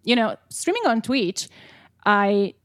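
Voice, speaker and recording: A woman's voice: fairly high pitch, very animated, slow pace, fairly bright tone, no room sound. Woman guest, late twenties, chatty, giggly, dry close sound. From Italy. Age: 20s. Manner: chatty, giggly, hesitant with many fillers. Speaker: guest, singer-songwriter. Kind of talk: casual chat.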